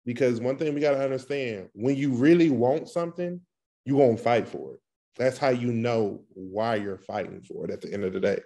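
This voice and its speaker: A man co-hosting a podcast, speaking in an earnest, reflective, somewhat halting way. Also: mid-range voice, warm tone. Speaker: podcast co-host. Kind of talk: casual podcast chat.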